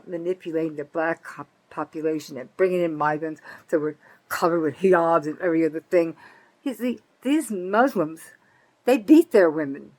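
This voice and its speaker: Angry older New woman ranting. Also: low-quality recording. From North Jersey, USA. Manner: bitter, profane, swings from loud outbursts to low muttering. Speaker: vlogger. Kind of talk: angry political rant to camera.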